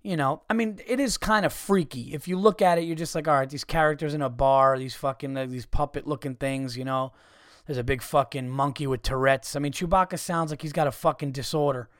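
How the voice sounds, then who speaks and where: A man hosting a podcast, telling stories in a profane, animated comedic rant with frequent restarts. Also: on the high side, a little fast, dry recording, studio quality. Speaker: podcast host.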